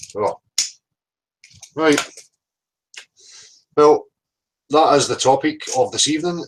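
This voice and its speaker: A man's voice: mid-range voice, low-quality recording. A man hosting a casual livestream, blunt and sweary, greeting chat viewers by name. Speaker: livestream host.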